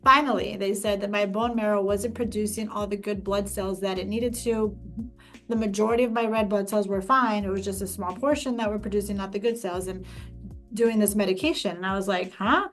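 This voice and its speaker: Animated woman host telling a personal story. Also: medium pitch, a little fast, faint music behind. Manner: animated, emphatic storytelling with many restarts. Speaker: podcast host. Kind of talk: personal story in casual conversation.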